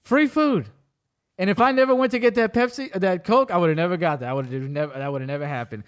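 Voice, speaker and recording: A man's voice: high voice, fairly quick, clean tone. A man hosting a casual podcast, prompting his guest to tell a story. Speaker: podcast host. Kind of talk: casual chat.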